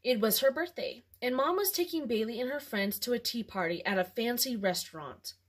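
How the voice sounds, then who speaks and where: A woman hosting a home video, chatting casually and then reading a children's story aloud with ums and pauses. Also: fairly high pitch. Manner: animated, with ums and throat clearing.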